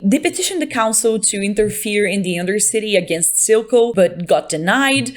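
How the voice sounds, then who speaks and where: A woman's voice: mid-range voice, expressive, moderate pace, hardly any pauses. A young woman reviewing a TV show on camera, chatting casually with a sarcastic, playful edge. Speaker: video reviewer.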